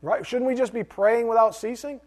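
A middle-aged male pastor preaching a sermon, animated, with rhetorical questions and joking asides. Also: very high-pitched, normal speed.

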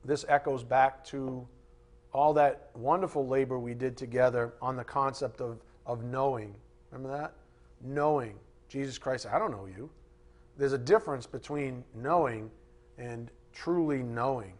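A man's voice: mid-range voice, unhurried, a little mellow. A man preaching a sermon, reading scripture aloud and repeating key words for emphasis.

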